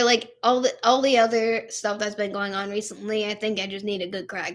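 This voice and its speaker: A woman's voice: medium pitch, fairly bright tone. Tired, emotional young woman streaming. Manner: emotional, tired, heavy use of "like" and "literally". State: tired and upset. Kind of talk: casual live stream chat.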